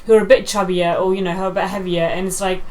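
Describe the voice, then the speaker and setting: A woman's voice: lowish voice, racing, slight background noise. A young woman co-hosting a podcast, chatting casually and telling stories with lots of fillers. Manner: chatty, animated storyteller with many fillers. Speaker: podcast co-host. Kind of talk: casual chat. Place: indoor room, same room as co-host.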